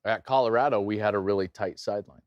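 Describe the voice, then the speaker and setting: A middle-aged man hosting a live football watch-along, commenting excitedly on plays and telling stories he acts out loudly. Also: on the low side, quick pace, clear, resonant tone, dry recording, lo-fi sound. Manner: animated, jumps into loud acted-out anecdotes. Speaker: host and game analyst.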